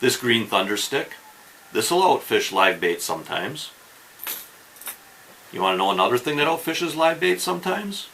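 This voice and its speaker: A man's voice: medium pitch, big pitch swings, moderate pace, creaky, pauses often, pushed and bright, a little hiss or hum, low-quality recording. A man hosting a fishing channel, explaining tips in a casual instructional talk and often checking in with the viewer. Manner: chatty, keeps checking in with "okay?" and "right?".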